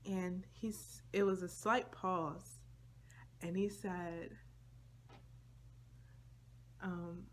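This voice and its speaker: Young woman, vlogger, casual storytime, slangy and chatty, fairly low pitch. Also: slow, a little hiss or hum. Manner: chatty, slangy, lively asides to viewers.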